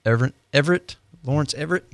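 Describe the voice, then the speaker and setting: A man's voice: a little high, very fast, creaky, no echo. A man who is a heating and air-conditioning expert, explaining things steadily on a radio talk show. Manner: steady, explanatory, with filler ums. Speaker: HVAC company guest expert. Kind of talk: casual radio chat.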